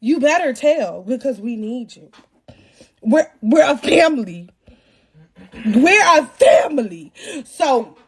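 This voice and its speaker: A young woman telling her own story to viewers in an animated, dramatic way, often laughing and swinging from loud to hushed. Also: high-pitched.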